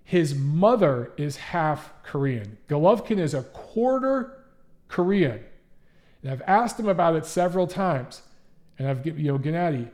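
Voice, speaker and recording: Male livestream host, casual and emphatic, slightly higher-pitched voice. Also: expressive, unhurried, darkish tone. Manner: emphatic, conversational, frequent restarts. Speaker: livestream host and boxing writer. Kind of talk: casual livestream chat reading viewer comments.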